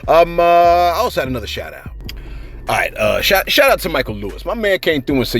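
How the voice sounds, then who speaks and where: A man's voice: high-pitched, fast, soft background music. A man with a New York accent, commenting on celebrity news in a slangy, casual monologue to his viewers. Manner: slangy, animated, frequent "you know what I'm saying".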